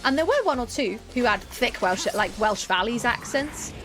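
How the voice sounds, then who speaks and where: A woman's voice: fairly high pitch, animated, fairly bright tone, soft background music. A young woman, chatting casually and rambling a little as a streamer and game master. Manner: chatty, rambling, quick laughs. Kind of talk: casual chat to a live chat.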